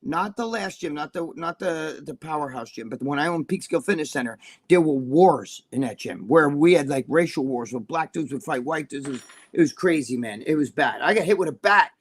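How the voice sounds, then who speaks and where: A man's voice: fairly high pitch, animated, brisk, husky. A man talking as a podcast guest, telling blunt, profane stories and checking in with his listener as he goes. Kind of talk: casual chat on a live-streamed podcast.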